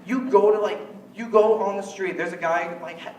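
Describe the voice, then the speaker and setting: A man's voice: high-pitched, steady tone, normal speed, recorded from a distance, background noise. A man doing a stand-up comedy routine, rambling and jokey, often slipping into mock quotes of other people. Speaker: stand-up comic. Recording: echoey room, voice from afar.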